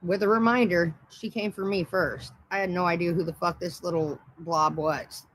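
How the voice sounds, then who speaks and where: A woman's voice: lowish voice, fairly even intonation, moderate pace, fairly bright tone, rough recording. A woman ranting on a casual livestream, profane, mocking and combative. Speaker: livestream host.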